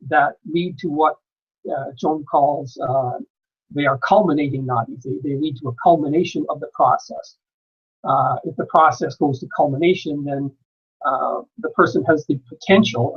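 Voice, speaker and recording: Husky man giving a measured lecture. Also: on the high side, lo-fi sound. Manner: measured, with frequent "uh" pauses. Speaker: conference speaker. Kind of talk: lecture presentation. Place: conference hall.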